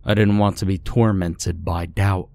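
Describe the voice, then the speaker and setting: Deep-voiced man narrating a horror story. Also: steady tone, measured pace, gravelly, darkish tone, dry recording.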